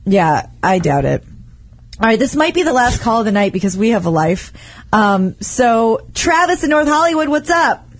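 A woman's voice: on the high side, normal speed. A young adult woman hosting a casual late-night radio talk show, telling stories bluntly with lots of laughter. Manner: giggly, blunt and animated storyteller. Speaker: host.

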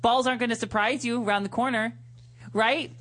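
A man's voice: very high-pitched, steady tone, a little fast, a bit bright. A man co-hosting a comedic advice talk show, telling things in a theatrical, exaggerated way. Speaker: co-host. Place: studio.

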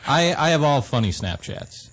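A young man co-hosting a radio show, easygoing and quick to laugh in casual chat. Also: on the high side, big pitch swings, fairly bright tone.

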